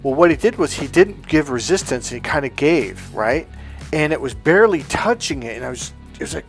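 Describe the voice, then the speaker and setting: A male life coach telling stories in a casual, animated way, bluntly swearing and acting out the people he quotes with raised voices. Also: on the high side, a little fast, vocal fry, soft background music. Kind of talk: casual storytelling monologue.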